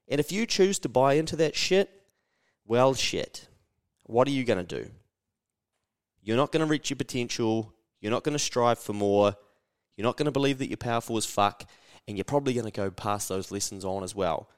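Blunt, fired-up New man. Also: moderate pace. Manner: energetic, blunt and swearing, mimics naysayers in a higher voice. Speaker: podcast host. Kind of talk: motivational solo podcast.

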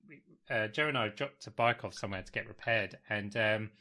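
Man, casual chat, bright tense tone, meandering anecdotes. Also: on the low side, a little fast. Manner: meandering, storytelling, easily amused. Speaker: podcast co-host.

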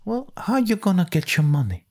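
A man's voice: high voice, sing-song, fairly quick, darkish tone, voice pushed up, heavily acted. A man doing an impression of a foul-mouthed, swaggering male podcast mentor with a New York-New Jersey accent. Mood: brash, needling. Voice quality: gruff, swaggering tough-guy patter.

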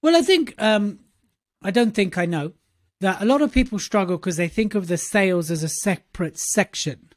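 A man's voice: sits high, moderate pace, no room sound, clean studio sound. A man co-hosting a podcast, chatting casually and acting out quoted voices. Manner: animated, acts out quoted voices, repeats himself. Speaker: podcast co-host, speaking coach.

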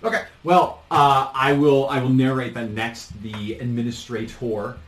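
A man's voice: mid-range voice, steady tone, a little slow. A man narrating as game master in a tabletop role-playing session, loose and full of fillers. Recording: echoey room, mic far off, faint noise.

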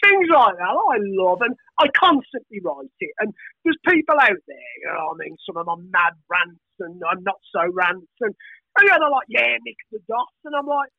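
A middle-aged Birmingham man tells stories in a restless, sweary ramble. His voice sits very high and swings about with lively energy. He comes through a thin, phone-like line with a dry, close sound. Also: moderate pace, dry recording. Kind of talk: casual podcast chat.

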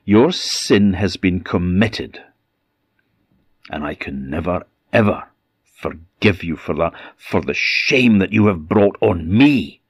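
A man's voice: deep voice, slightly rough, dry recording, studio quality, heavily acted. A man voicing a harsh, unforgiving male island minister who speaks coldly and pompously. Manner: cold, pompous, condemning.

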